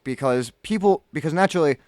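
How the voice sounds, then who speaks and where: A man's voice: fairly high pitch, lively intonation, fast, darkish tone, no echo, studio quality. A man in casual podcast chat, explaining current events at length with many fillers and restarts. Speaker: podcast co-host.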